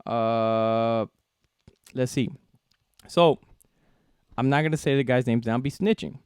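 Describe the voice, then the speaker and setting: A man's voice: mid-range voice, a little slow, darkish tone, clean tone, no echo, studio quality. A man hosting a solo sports podcast, ranting in a heated, profane way and repeating himself. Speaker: podcast host.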